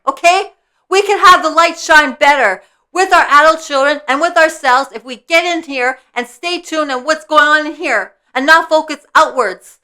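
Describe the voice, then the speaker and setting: Woman, fifties, vlogger; high, bright voice; earnest, repetitive, keeps asking "okay?". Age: 50s. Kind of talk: casual spiritual vlog talk. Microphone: personal mic.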